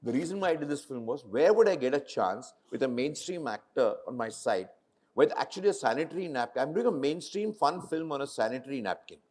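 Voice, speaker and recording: A man's voice: medium pitch, fairly quick. A middle-aged man with an Indian English accent, a film director telling stories onstage and acting out the quoted dialogue. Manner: animated storyteller, acts out quoted dialogue. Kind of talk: casual onstage conversation.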